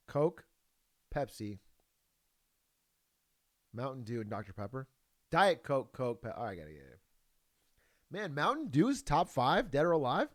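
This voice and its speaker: A man's voice: mid-range voice, very animated, measured pace, long pauses. A man chatting casually as a YouTuber, telling a story and reacting to a video, laughing often and swearing freely.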